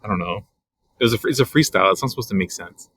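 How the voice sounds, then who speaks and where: A man's voice: on the low side, very fast, sharp tone, a little hiss or hum. A man co-hosting a podcast, in laid-back, crude banter full of swearing and "dude". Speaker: podcast co-host.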